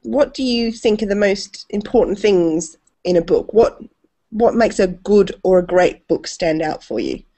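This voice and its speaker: A woman's voice: medium pitch, expressive, a little slow, mellow. A woman interviewing an author over a video call, asking questions with enthusiasm. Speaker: festival interviewer.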